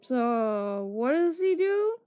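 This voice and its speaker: Slow-talking woman telling a story. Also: sits high, sing-song, clean tone. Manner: acts out quotes with laughs. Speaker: streamer. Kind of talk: casual storytelling. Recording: dull lo-fi stream audio.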